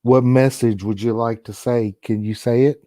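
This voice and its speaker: A man's voice: mid-range voice, steady tone, normal speed, mellow, dry recording, studio quality. A man from Chicago hosting a paranormal livestream, chatting casually and laid-back with viewers and calling on spirits. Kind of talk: casual live chat.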